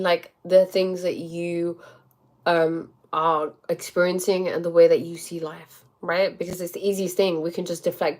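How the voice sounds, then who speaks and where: Animated young woman talking candidly. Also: medium pitch. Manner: animated and emphatic, with many "like" and "right?" asides. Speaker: host. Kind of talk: casual monologue reading viewer comments.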